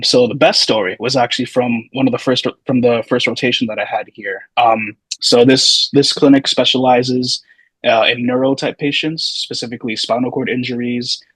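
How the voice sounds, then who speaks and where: Husky-voiced man telling stories casually. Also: mid-range voice, fairly even intonation, normal speed, fairly bright tone, no room sound, low-quality recording. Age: 30s. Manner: loose, meandering, full of hedging asides. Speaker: podcast guest, physical therapy student. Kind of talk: casual storytelling.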